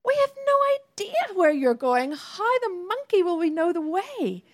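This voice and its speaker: A woman's voice: extremely high pitch, very animated, measured pace, pitched above the performer's own voice, full character voice. A woman preacher voicing a bewildered male disciple with comic, exasperated disbelief. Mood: baffled.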